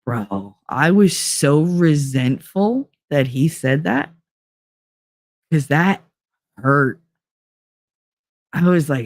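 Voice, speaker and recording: A woman's voice: deep voice, animated, extremely slow, long pauses, no echo, clean studio sound. Blunt, emotional woman livestreamer. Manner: blunt, profane and emotionally open. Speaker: livestream host. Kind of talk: casual livestream chat.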